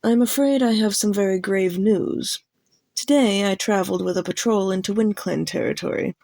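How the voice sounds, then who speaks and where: A woman's voice: mid-range voice, normal speed, gravelly, no room sound, close to an everyday voice. A woman voicing a grave, commanding she-cat clan leader who speaks steadily and formally to her clan in an audiobook reading. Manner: steady, formal addressing a gathering. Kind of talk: audiobook character voice.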